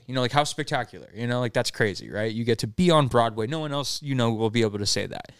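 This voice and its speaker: A man's voice: medium pitch, fast, hardly any pauses, smooth, no echo, clean studio sound. A young man, podcast host, telling a story in casual chat and acting out the characters' lines. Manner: animated, acts out the characters' lines.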